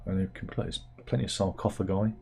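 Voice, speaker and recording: This UK satirical news host has a deep, creaky, dark voice with fairly even intonation, delivered at a quick pace over slight background noise. His chat is casual and wry, wandering along with plenty of fillers and restarts like he's muttering to himself.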